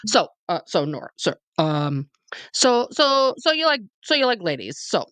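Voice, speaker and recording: A man's voice: high-pitched, big pitch swings, sharp tone, smooth, dry recording, full character voice. A woman impersonating her rambling, awkwardly supportive middle-aged godfather, stammering and repeating herself. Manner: stammering, halting, repeats himself.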